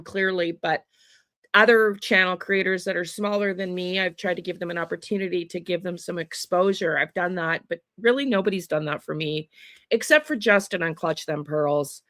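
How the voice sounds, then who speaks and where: A woman's voice: medium pitch, pushed and bright, no echo. A woman hosting a true crime livestream, chatting casually with viewers, greeting them by name and laughing often.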